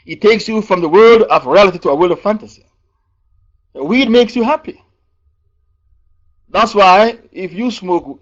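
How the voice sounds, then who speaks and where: A man with a fairly high voice teaches an evening religious lesson. He speaks slowly and deliberately, repeating verse numbers and key phrases and putting questions to his listeners. The recording is dull and lo-fi. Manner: slow and deliberate, asks the audience questions. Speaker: Islamic preacher teaching Quran commentary.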